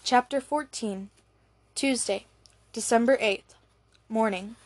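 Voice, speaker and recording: A woman narrating an audiobook in a steady, even reading voice. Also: a little high, slow. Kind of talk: scripted narration.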